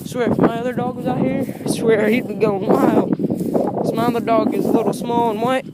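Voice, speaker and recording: A woman's voice: fairly high pitch, fairly even intonation, moderate pace, very noisy. A woman vlogging in her yard, talking bluntly and profanely to dogs in a playful, scolding way. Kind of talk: casual vlog, talking to dogs. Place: outdoor yard at home.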